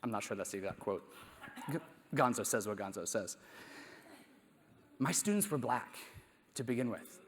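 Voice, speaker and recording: A man's voice: on the low side, lively intonation, moderate pace, pauses often. A man, a math teacher, giving a conversational conference talk full of rhetorical questions and self-deprecating asides. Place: conference hall. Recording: echoey hall.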